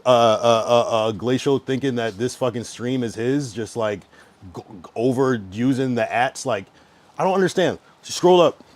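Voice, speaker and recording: A man's voice: mid-range voice, moderate pace. Irritated young man ranting on stream. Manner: irritated, ranting at chat, heavy swearing. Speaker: livestreamer. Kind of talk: casual livestream chat.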